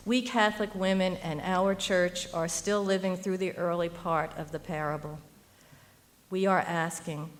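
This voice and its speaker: A woman's voice: on the low side, fairly even intonation, unhurried. Earnest woman giving a speech. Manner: earnest, rhetorical, building to emphatic appeals. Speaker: speaker at a university event. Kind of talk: prepared speech read aloud.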